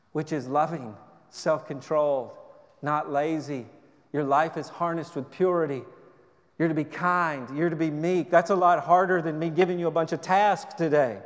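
A man preaching a sermon as a pastor, earnest, repeating words and dropping to a soft low voice for emphasis. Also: big-room sound.

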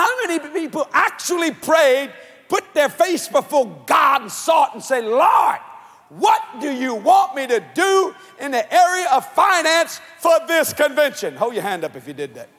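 A man preaching a sermon to a convention crowd, shouting and swinging his pitch up and down. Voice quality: husky. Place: large church or convention hall. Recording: long hall reverb.

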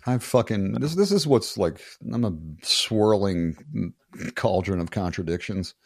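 A man's voice: fairly low pitch, measured pace, gravelly, dry recording, clean studio sound. A man in his sixties from the United States, a guest in a casual interview, telling stories bluntly and profanely with rambling restarts. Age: 60s.

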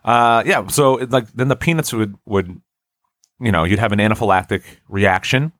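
A man's voice: on the low side, normal speed, fairly bright tone, no room sound, clean studio sound. A young man co-hosting a casual comedy chat, rambling through a story and acting out the lines he quotes.

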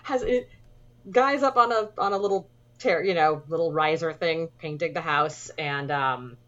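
A woman's voice: sits low, normal speed, muffled recording. A woman co-hosting a casual movie podcast, rambling with lots of fillers and restarts. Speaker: podcast co-host. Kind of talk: casual movie review chat.

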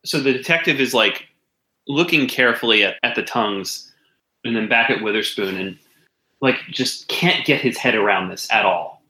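A man with a bright, forceful voice narrates as game master of a tabletop game. He talks in a relaxed way, halting often with fillers. The sound is roomy and echoing. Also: mid-range voice.

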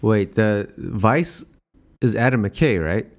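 A man's voice: lowish voice, expressive, slow. A young man hosting a podcast, chatting casually with plenty of fillers. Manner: laid-back, chatty with many fillers. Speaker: podcast host. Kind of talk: casual chat.

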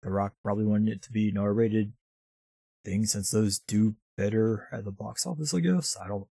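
Man, low husky voice, casual profane recapper, dry sound. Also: moderate pace, warm tone, no room sound. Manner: profane, rambling movie recap with mocking impressions. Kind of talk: casual chat.

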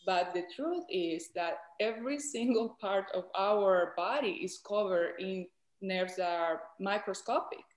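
A woman's voice: mid-range voice, a little slow, few pauses, roomy sound. A woman from Colombia with a Colombian Spanish accent, a doctor guest patiently explaining in an interview.

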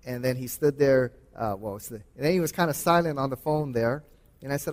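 A man's voice: medium pitch, a little fast, long reverb tail. A man who teaches and hosts radio, giving a Bible talk in a conversational way that is peppered with okay and uh. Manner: conversational, often says okay and uh.

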